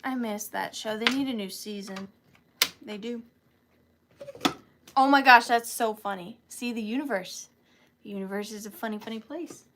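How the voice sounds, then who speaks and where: A woman's voice: a little high, normal speed, pauses often, very noisy. A woman hosting a live online sale of vintage items, chatting casually and gushing over each piece. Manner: chatty and gushing, calls items little cuties.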